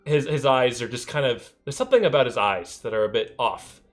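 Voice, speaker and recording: A man's voice: mid-range voice, lively intonation, fairly quick, fairly bright tone. A man narrating a tabletop game as game master, hesitant and full of ums. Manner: hesitant, many ums and uhs.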